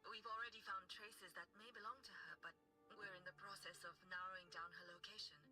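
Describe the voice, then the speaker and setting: A woman's voice: medium pitch, fairly even intonation, a little fast, music in the background, close to an everyday voice, poor audio. An actress voicing a dutiful young woman aide in a game, polite and deferential.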